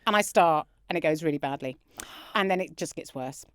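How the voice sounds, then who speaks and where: A woman comedian as a podcast guest, telling a candid story with lively delivery, swearing freely and acting out other people's voices. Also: low-pitched, fairly quick, clean tone, no room sound, clean studio sound. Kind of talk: animated anecdote telling.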